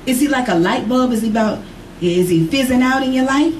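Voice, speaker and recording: A woman preaching a sermon, swinging from high emphatic calls to low joking asides. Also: brisk, a little mellow. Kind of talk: sermon to a congregation. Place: church. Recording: echoey room from far off, faint noise.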